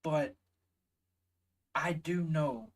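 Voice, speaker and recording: A reaction video host with a Southern US accent speaks very slowly in a fairly high voice, captured on poor audio. His commentary is heated and emphatic, with frequent swearing and words stressed one at a time.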